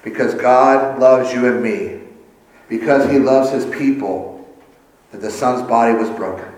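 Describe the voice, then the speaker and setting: An earnest male pastor preaches in a steady middle register, his voice rising and pressing harder as he drives his points home. He slips in light, self-deprecating asides. The sound rings through a very reverberant church hall. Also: mid-range voice, a little slow. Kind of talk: sermon. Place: church sanctuary.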